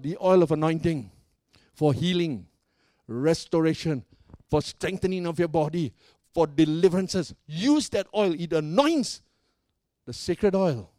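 Here a male pastor with a high voice jokes playfully and preaches excitedly, calling out again and again for the congregation to answer. It's a dry recording, his voice close with little room around it.

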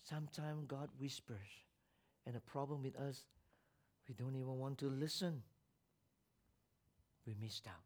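A man preaching a sermon, swinging from loud, emphatic lines down to near-whispers. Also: medium pitch, unhurried, pauses often. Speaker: pastor.

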